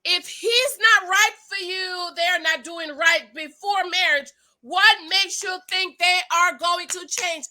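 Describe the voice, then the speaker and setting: A woman's voice: very high-pitched, steady tone, takes it slowly, bright, forceful tone, rough recording. A woman giving sassy, emphatic recap commentary on a reality show, talking straight to her viewers and repeating her points for effect.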